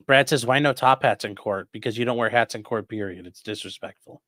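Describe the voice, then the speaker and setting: A man's voice: medium pitch, brisk, fairly bright tone, no echo, studio quality. Casual man answering live chat. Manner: rambling, answers viewer questions offhand. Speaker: livestream host reading chat.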